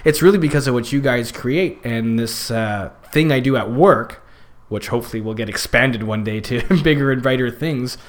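A man chatting as a podcast guest, his voice pitched in the middle. He rambles through his points with plenty of fillers and false starts, in a loose conversational way. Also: moderate pace. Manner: rambling, many fillers and restarts. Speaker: podcast guest, youth circus worker. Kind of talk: casual chat.

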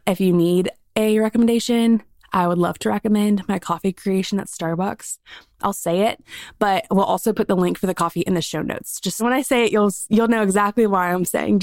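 A woman's voice: mid-range voice, darkish tone, dry recording. A woman with a Southern US accent hosting her podcast alone, chatting in a bubbly, filler-heavy way into a studio microphone. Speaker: podcast host. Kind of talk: solo casual podcast chat.

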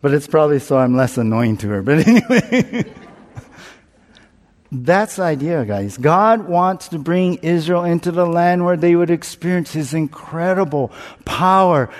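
A man's voice: a little high, darkish tone. Self-mocking preacher man, echoing hall. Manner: candid, self-mocking storyteller who acts out his own panic. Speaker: pastor. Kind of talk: sermon with personal story. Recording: long reverb, as in a large hall.

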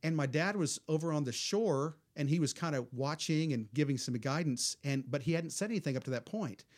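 A man's voice: fairly high pitch, brisk. A middle-aged man from the American Midwest, a pastor telling a story at a church roundtable and leading a prayer. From Southwest Missouri. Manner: calm storytelling, then fervent prayer.

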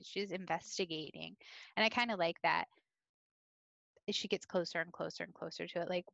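Gravelly, low-voiced woman gushing about a show. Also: a bit bright, no room sound, highs cut off. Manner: enthusiastic, gushing. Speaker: podcast co-host. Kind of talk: casual TV recap chat.

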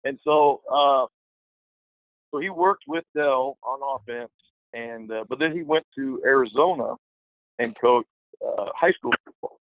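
A man telling a lively anecdote in a casual way, acting out the voices of the people in it. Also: mid-range voice, a little slow, long pauses, dry recording. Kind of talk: casual storytelling. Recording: dry, phone-like line.

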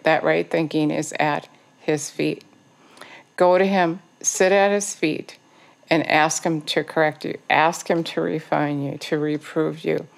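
Low gravelly woman preaching earnestly. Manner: earnest, exhorting, repetitive phrasing. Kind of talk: sermon.

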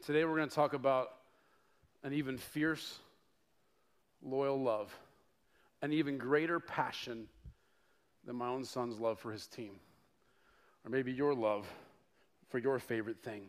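A middle-aged man from Denver preaching a sermon to his congregation, telling stories with playful asides and mounting excitement. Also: mid-range voice, unhurried, pauses often, smooth. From Denver, United States. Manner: animated storytelling with rising excitement and playful asides. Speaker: pastor.

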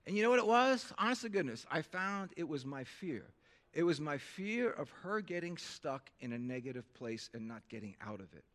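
A male pastor preaching a sermon, swinging from hushed tones to loud bursts and calling out for amens. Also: fairly high pitch, big pitch swings, moderate pace. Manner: calls for amens from the crowd.

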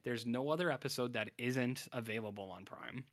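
A man's voice: medium pitch, fairly quick, no room sound, studio quality. A man co-hosting a podcast, casually recapping a TV series with lots of ums, uhs and restarts. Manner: rambling, heavy on fillers and restarts. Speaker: podcast co-host. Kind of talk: casual chat recapping a TV show.

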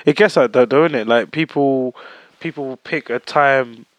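A man's voice: mid-range voice, moderate pace, no echo. A young man chatting casually, rambling and filling with "like". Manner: laid-back, rambling, says "like" a lot. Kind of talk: casual chat.

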